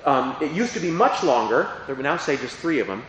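A man's voice: mid-range voice, very animated, fairly quick, a bit bright, very echoey, long reverb tail, slight background noise, low-quality recording. A man who is a priest, explaining parts of the Mass in a chatty teaching talk and often asking his listeners questions. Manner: chatty, asks the audience questions.

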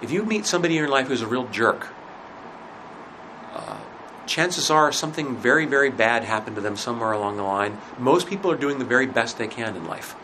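A man teaching a religion class in a conversational lecture, asking rhetorical questions and often pausing with fillers. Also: medium pitch, expressive, noisy background.

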